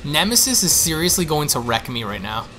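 Young man, gaming commentary, panicky and excitable, bright voice, music behind. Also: fairly high pitch, brisk. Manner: panicky, excitable, repeats himself. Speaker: gaming streamer. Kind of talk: let's play commentary.

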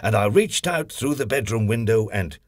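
A male actor voices a cheeky, playful tickling character, narrating a children's audio story in first person. His voice is slightly husky and animated, breaking into gleeful high squeals with every tickle, at a moderate pace. The recording is dry and studio quality.

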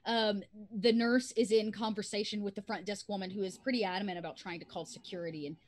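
A woman's voice: medium pitch, steady tone, fast talker. A woman running a tabletop role-playing game as game master, narrating the scene in a chatty way with many fillers.

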